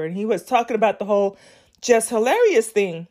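A woman's voice: on the high side, lively intonation, normal speed, mellow. Sassy, blunt woman podcaster. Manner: candid, rambling, with frequent filler words. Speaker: podcast host. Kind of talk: casual solo podcast monologue.

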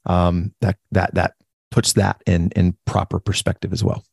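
A man co-hosting a casual Bible study discussion, enthusiastic and animated, often repeating his agreement. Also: low-pitched, normal speed, gravelly, slightly rough, dry recording, studio quality.

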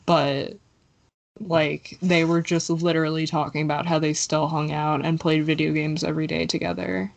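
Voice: medium pitch, level tone, normal speed, gravelly, dull audio. A podcast co-host chatting casually about a film, with many fillers and frequent giggles.

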